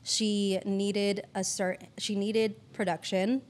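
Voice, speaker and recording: A woman's voice: medium pitch, little pitch movement, takes it slowly, darkish tone. A woman producer chatting casually as a podcast guest, peppering her talk with "like" and the odd swear. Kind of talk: casual interview chat.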